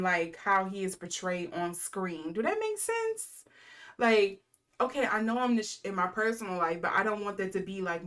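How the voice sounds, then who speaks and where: Rambling woman giving a tarot reading. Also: mid-range voice. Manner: rambling, lots of fillers, reels off card keywords. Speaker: tarot reader. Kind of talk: casual intuitive tarot reading.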